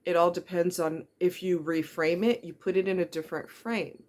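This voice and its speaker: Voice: mid-range voice, fairly even intonation, normal speed, a little mellow. Middle-aged vlogger, earnest and blunt, talks straight to the viewer with pointed questions. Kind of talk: candid personal monologue.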